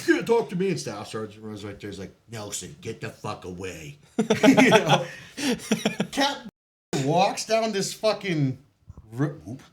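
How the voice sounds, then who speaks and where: A man's voice: high voice, very animated, a little slow, a crowd in the background. A man telling his military stories as a podcast guest, in casual storytelling style, swearing freely and laughing often between lines. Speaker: podcast guest, Marine veteran.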